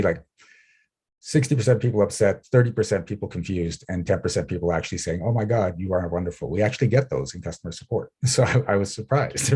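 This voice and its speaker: Guy on a video call, kinda husky lowish voice, tells stories and laughs a lot. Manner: animated storyteller, laughs often, acts out quoted people. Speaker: guest. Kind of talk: casual interview chat.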